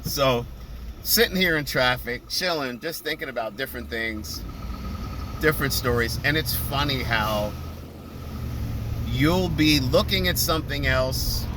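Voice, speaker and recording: A man chatting casually while driving in traffic, laughing and telling stories with quoted voices. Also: mid-range voice. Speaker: vlogger. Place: car in traffic. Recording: car and road noise. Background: traffic noise.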